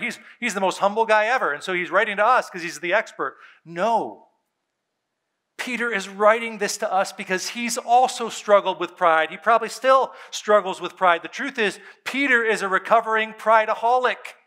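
A man's voice: high voice, bright, forceful tone. A male pastor preaching a sermon in an earnest, emphatic way, repeating key points for weight.

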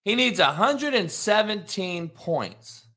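A man hosting a sports talk show, ranting in a heated, profane way that swings from muttering to shouting. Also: high voice, big pitch swings, slow pace.

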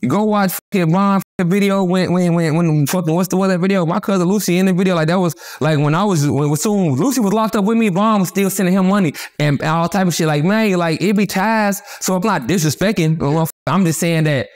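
A man being interviewed, telling stories in rapid, animated, profane street talk full of restarts. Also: high-pitched. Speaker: interview guest. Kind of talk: casual storytelling interview.

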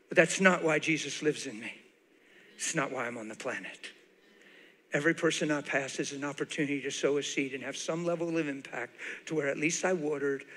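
A man preaching a sermon to a church, telling a personal story with a lot of animation, laughter and tears in his voice. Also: a little high. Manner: animated, laughing and crying as he tells stories. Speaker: guest preacher. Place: large church auditorium. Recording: live sermon with long hall reverb.

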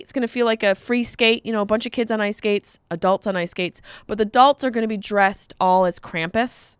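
Animated comedic woman podcast host. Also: medium pitch, clear, resonant tone, no echo. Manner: animated storytelling, jokey asides. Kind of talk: comedic monologue.

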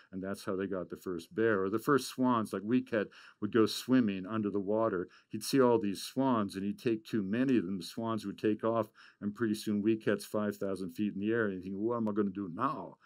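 A man giving a storytelling talk, animated and full of stammered restarts. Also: on the low side, no echo. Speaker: speaker.

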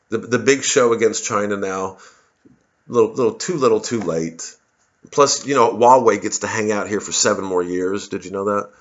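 A man's voice: lowish voice, moderate pace, a bit bright, lo-fi sound. A male comedian in a profane, rambling, sarcastic monologue to camera, with many restarts.

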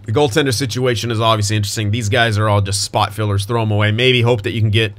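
A man's voice: fairly low pitch, fairly even intonation, fast talker, fairly bright tone. A young man giving casual gameplay commentary as a gaming YouTuber, thinking aloud and restarting his sentences, with hiccups and voice cracks.

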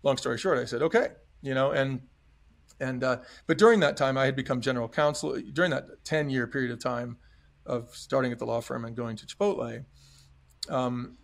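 A man's voice: mid-range voice, fairly quick, gravelly. A middle-aged man telling his story as an interview guest in an earnest, emphatic way, often acting out what others said. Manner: earnest, emphatic storyteller who acts out dialogue. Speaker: podcast guest, former restaurant chain executive.

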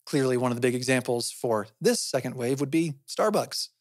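A man's voice: mid-range voice, expressive, a little fast, no echo, studio quality. A man hosting a podcast, explaining things in a conversational way and often asking himself questions, then answering them. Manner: often adds "right?" as a tag. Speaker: podcast host.

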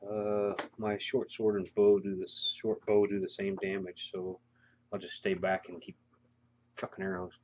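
A man playing a tabletop game, quiet and matter-of-fact, on a dull lo-fi recording with a faint hum. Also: low voice, monotone, normal speed. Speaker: player.

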